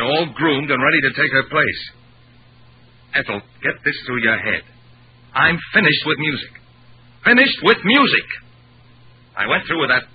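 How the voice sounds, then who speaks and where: An actor playing a bitter, rebellious pianist in a vintage radio drama, speaking with sarcasm. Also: male voice, medium pitch, lightly acted. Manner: sarcastic, mocking. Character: bitter young male pianist, sardonic and rebellious. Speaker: Peter, a pianist. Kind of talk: 1940s radio drama acting. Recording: dull old radio recording with faint hiss.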